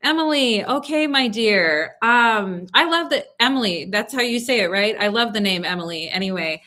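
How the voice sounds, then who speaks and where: A young woman with a bright, clear voice reads tarot cards live for her viewers. She talks in a soothing, reassuring way and keeps checking in with them as she goes. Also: mid-range voice, lively intonation, fairly quick. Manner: soothing, reassuring, lots of "okay?" check-ins. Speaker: tarot reader. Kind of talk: live-stream tarot reading.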